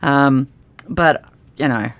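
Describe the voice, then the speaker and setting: A woman with a New Zealand accent, co-hosting a casual live-stream chat in a thoughtful, soft-spoken way. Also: a bass voice, takes it slowly. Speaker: co-host.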